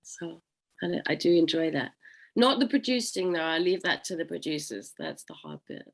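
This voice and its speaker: A woman's voice: low voice, sing-song, normal speed, gravelly. A young adult woman from England, an actress, chatting casually as an interview guest and laughing often.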